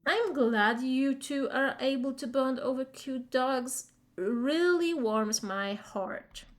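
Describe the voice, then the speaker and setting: A woman reads a proud, goofy game dad in a high, unhurried voice. His lines come out even and lightly upbeat.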